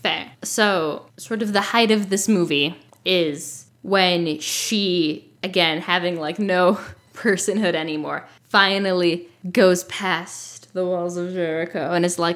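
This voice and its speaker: A woman's voice: on the low side, steady tone, slow pace, fairly bright tone. A woman co-hosting a podcast, chatting casually and with strong opinions about an old film. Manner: casual, opinionated, full of fillers. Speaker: podcast co-host.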